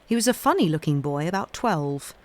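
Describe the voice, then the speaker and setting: A woman reading a classic children's novel aloud in a steady storytelling voice. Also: low-pitched, a little fast. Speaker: reader.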